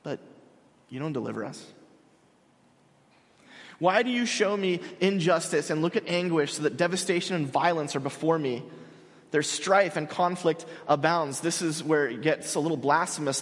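A young man in his twenties preaching a sermon, earnest and halting, with frequent restarts. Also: on the high side, long reverb tail. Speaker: pastor.

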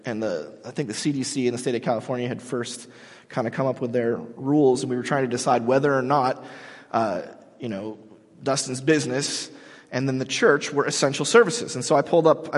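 A man preaching a sermon as pastor, animated and emphatic, often restarting his sentences. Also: mid-range voice, brisk, big-room sound.

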